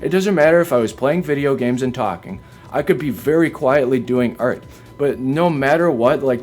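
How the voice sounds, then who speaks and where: A man streaming a video game from home, ranting defensively, swearing hard and leaning on "like" as filler. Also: mid-range voice. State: upset. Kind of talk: venting rant on a live stream. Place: home, by a window.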